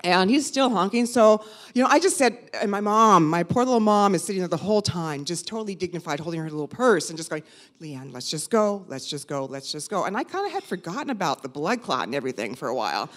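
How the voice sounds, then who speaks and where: A woman in her fifties telling a personal story live, animated, conversational and self-mocking. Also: mid-range voice, fast talker. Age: 50s.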